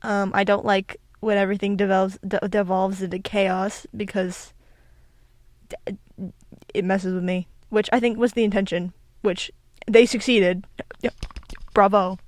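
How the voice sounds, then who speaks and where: A woman's voice: mid-range voice, flat delivery, unhurried, dry recording. Giggly rambling young woman. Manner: rambling, giggly, self-interrupting. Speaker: video creator. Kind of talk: casual solo commentary. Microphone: desk microphone with echo filter.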